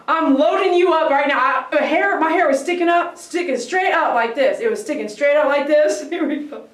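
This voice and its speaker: A woman who works as a dog groomer, chatting casually on a livestream, telling stories in an animated way and imitating barking dogs. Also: high voice, recorded from a distance. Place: grooming salon. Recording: echoey room, voice off-mic.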